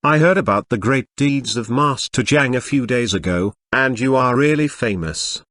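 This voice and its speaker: A man's voice: medium pitch, normal speed, fairly bright tone, no echo, lightly acted. A man reading the lines of a courteous martial arts man, polite and formal.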